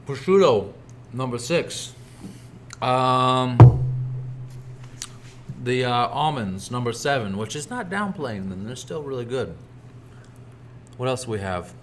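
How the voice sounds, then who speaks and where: Man, relaxed casual chat, food guest, middle pitch, faint noise behind. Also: slow, pauses often. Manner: relaxed, ranking foods one by one. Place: restaurant.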